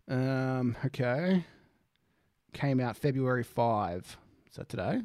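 A man's voice: medium pitch, animated, takes it slowly, a little mellow, no room sound, studio quality. A young man rambling through a casual music reaction, swearing freely and laughing often.

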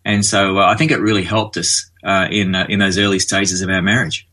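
A man in his forties with an Australian accent speaks in an easygoing, chatty way. His low voice has a bright, forceful edge. He tells stories as an interview guest, with lots of "uh" and "you know.". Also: level tone, brisk. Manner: chatty, storytelling, frequent fillers. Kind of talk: relaxed conversational interview.

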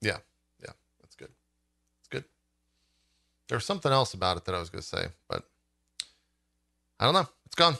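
A man hosting a casual podcast chat about video games, relaxed and laughing often. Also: on the low side, normal speed, vocal fry, pauses often. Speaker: podcast host.

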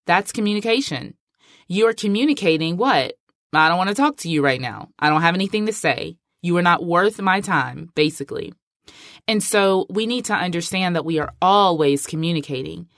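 This middle-aged female podcast host delivers a casual monologue, speaking emphatically and chattily with frequent use of "like." Her voice is low and slightly bright, captured in clean studio sound without echo.

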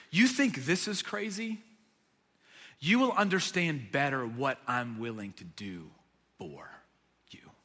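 Bright-voiced preacher in a reverberant hall. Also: male voice, high voice. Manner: dramatic retelling, swings from loud to hushed. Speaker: pastor. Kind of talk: sermon.

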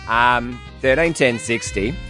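A man's voice: medium pitch, takes it slowly, bright, forceful tone, soft background music. A man hosting a late-night radio show, punning and laughing often.

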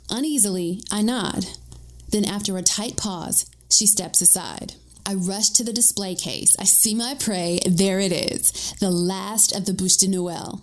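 A woman reads a first-person story aloud in a wry, lively way. Her voice sits at an ordinary middle pitch and she narrates with playful humor.

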